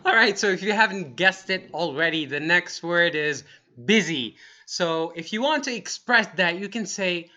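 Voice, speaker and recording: A man teaching an online English lesson in an energetic, upbeat way, saying example phrases slowly. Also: high voice.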